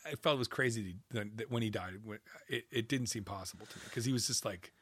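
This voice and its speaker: Rambling guest, male, husky voice, dry close-mic sound, swears and says "like" a lot. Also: lowish voice, fast, dry recording. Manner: rambling, animated, swearing, frequent "like" fillers. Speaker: guest, composer. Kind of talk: casual storytelling conversation.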